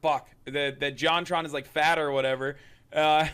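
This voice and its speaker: A man's voice: a little high, steady tone, moderate pace, over a noisy crowd. A man streaming live, talking loosely with profanity and laughs. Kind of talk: casual live-stream chat.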